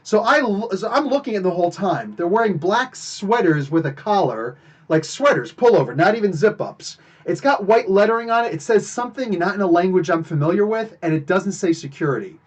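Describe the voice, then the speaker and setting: A man with a notably high voice tells a story on a live podcast. He is animated and emphatic, and he keeps it casual and conversational. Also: brisk. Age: adult, married. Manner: animated, emphatic retelling of a confrontation. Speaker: podcast host.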